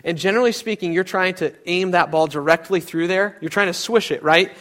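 A man's voice: high voice, fairly quick, a bit bright. A young adult man preaching a sermon, telling stories with animation and acting out other people's voices. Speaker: pastor.

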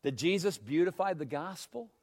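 A man preaching a sermon, swinging from hushed phrases to loud, emphatic ones and asking his listeners questions. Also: on the high side, animated, normal speed.

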